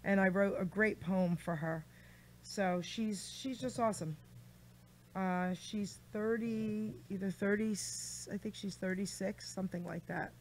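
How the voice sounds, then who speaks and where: A woman's voice: mid-range voice, steady tone, unhurried, a little mellow, slight background noise. A woman hosting a radio show, chatty and gushing with her guest, reading out a rhyming poem. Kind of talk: casual radio chat.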